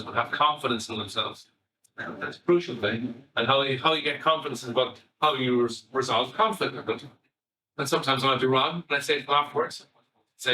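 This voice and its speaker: A middle-aged Irish man, a family psychotherapist, giving an animated, conversational public talk and swearing casually. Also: medium pitch, roomy sound, far from the mic, rough recording. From Ireland.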